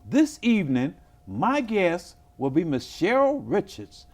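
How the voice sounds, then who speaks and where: A man's voice: high-pitched, huge pitch swings, unhurried. A man hosting a local talk show, asking his guest questions in a friendly way. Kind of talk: casual interview.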